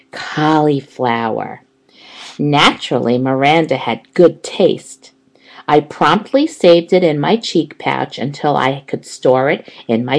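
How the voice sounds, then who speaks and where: A woman narrating a children's audiobook in an expressive, unhurried storytelling manner. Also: sits low, rough recording.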